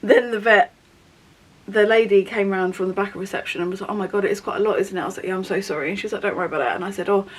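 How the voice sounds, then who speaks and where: A young woman with a mid-range voice talks very fast on a low-quality recording. She's a beauty vlogger doing her makeup for a get-ready-with-me video, telling a long personal story in a rambling, candid way.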